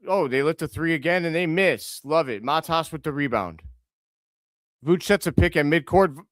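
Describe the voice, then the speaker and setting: An excitable young man calls a basketball game live, mixing play-by-play with exasperated remarks at players. His voice sits a bit high and sounds close and dry, with no room around it. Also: dry recording. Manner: excitable, scolds players aloud, quick self-corrections. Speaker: live reaction stream host.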